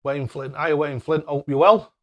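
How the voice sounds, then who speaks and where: A young man runs a casual live stream with cheery, excitable chat. His voice sits a little high, and he keeps thanking viewers by name. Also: moderate pace, muffled recording.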